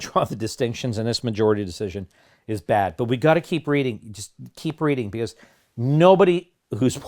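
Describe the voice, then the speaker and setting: A middle-aged man co-hosting a podcast, talking about a court ruling in a teasing, sarcastic and pushy way. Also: mid-range voice. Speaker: podcast co-host, lawyer. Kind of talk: casual legal debate.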